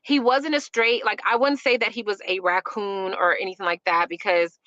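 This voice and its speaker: A woman's voice: medium pitch, steady tone, moderate pace, sharp tone, no echo, muffled recording. A woman from Chicago hosting an opinionated commentary show, emphatic and rambling with lots of fillers. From Chicago, USA. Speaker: host.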